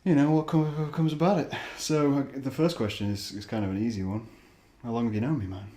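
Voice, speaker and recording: A young man from England hosting a podcast, talking in a relaxed, chatty way with his brother and laughing often. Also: medium pitch, fast talker. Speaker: podcast host. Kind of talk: casual chat.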